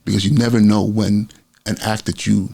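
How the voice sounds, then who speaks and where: A man's voice: fairly low pitch, level tone, moderate pace, vocal fry, mellow, breathy edge. A middle-aged man, a school principal hosting his own podcast, talking casually with many fillers and restarts. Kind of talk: casual solo podcast talk.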